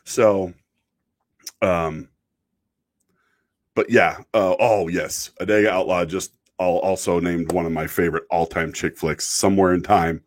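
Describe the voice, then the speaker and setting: A man's voice: sits low, fairly even intonation, unhurried, long pauses. A man from Idaho talking in a casual, rambling way, often stopping and restarting and joking as he hosts a chat. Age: adult, married. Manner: rambling, self-interrupting, joking. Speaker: show host reading chat.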